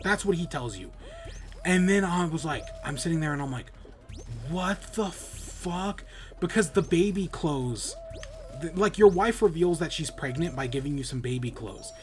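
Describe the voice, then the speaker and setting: A man hosting a podcast, giving a casual, rambling spoiler review with frequent swearing, restarts and acted-out reactions. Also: fairly high pitch. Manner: rambling, profane, animated retelling with many restarts. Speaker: podcast host.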